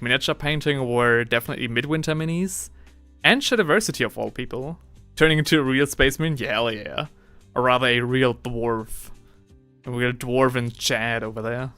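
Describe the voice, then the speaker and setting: A young man talks through a casual live stream, rambling through fillers and slang. He often gets excitable and jumps up in pitch. Faint music plays underneath, and his voice sits at an ordinary middle pitch. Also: smooth, no echo. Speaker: livestreaming miniature hobbyist.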